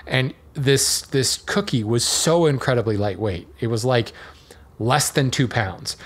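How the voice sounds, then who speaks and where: A man hosting a podcast, explaining a topic in a chatty, digressive monologue with fillers and small laughs. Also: medium pitch. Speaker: podcast host.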